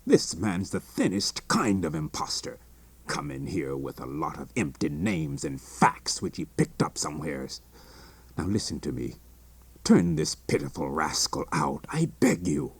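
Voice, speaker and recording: An actor playing a stern, honest middle-aged country doctor who speaks bluntly and accusingly in a radio drama. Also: male voice, rumbling low, very animated, a little slow, gravelly, husky, dry recording, exaggerated voice.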